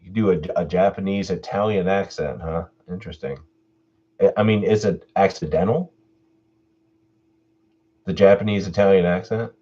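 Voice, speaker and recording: A man who narrates horror stories online, chatting casually in a relaxed, laughing way. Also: low voice, normal speed, long pauses, highs cut off. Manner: relaxed, laughing, answers voice requests. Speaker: YouTube horror story narrator. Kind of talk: casual Q&A chat.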